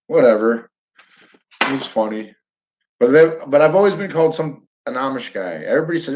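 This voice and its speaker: A man's voice: mid-range voice, sing-song, moderate pace, pauses often, a little mellow, a little hiss or hum. Chatty guy from upstate new york telling viewers a story, muffled lo-fi audio. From Northern New York. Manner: chatty, chuckling, addresses viewers directly. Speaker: live stream host. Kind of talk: casual rambling storytelling. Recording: dull lo-fi audio.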